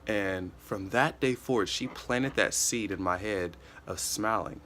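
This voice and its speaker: Deep voiced guy in his 20s, earnest motivational vlog talk, keeps saying you know. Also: unhurried, bright, forceful tone, slight background noise. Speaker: motivational vlogger. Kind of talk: casual motivational monologue.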